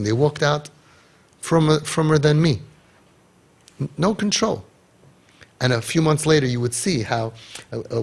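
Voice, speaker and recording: A man giving an impassioned inspirational talk, animated, acting out bits of dialogue and repeating his key points. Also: medium pitch, gravelly, husky. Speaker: inspirational speaker.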